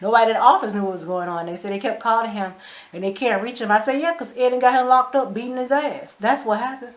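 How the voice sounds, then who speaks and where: A woman giving a casual recap of a TV episode, retelling scenes bluntly with lots of swearing and sharp asides. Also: fairly high pitch, quick pace. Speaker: show recap vlogger.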